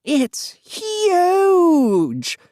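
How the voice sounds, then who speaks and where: A woman voicing an excitable young woman reporter in a children's storybook read-aloud, shrill and exclaiming. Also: a little slow, dry recording, studio quality. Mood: excited.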